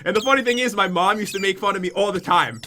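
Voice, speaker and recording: Bright, high-voiced young man vlogging. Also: quick pace, a little hiss or hum. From Connecticut. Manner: chatty and self-mocking, talking straight to viewers. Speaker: YouTuber. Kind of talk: casual vlog confession.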